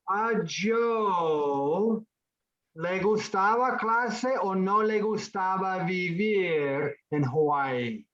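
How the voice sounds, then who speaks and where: A male Spanish teacher runs an online class and keeps it moving with quick praise and prompts. He talks slowly and evenly. His voice comes through a muffled, lo-fi video call. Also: sits high, crowd noise. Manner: encouraging, drills students with quick praise.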